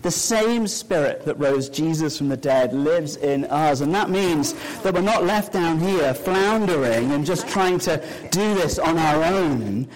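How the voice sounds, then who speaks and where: A man's voice: on the high side, animated, a little slow, hardly any pauses, slight background noise, rough recording. A man preaching in a church, playful and chatty with the children and the congregation. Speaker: pastor. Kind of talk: sermon with a live object lesson. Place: church sanctuary with balcony.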